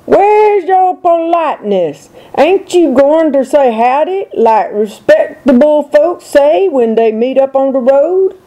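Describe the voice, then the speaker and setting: A woman's voice: a little high, animated, unhurried. A woman doing Brer Rabbit, a sassy hot-tempered rabbit. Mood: indignant. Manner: loud, indignant hollering.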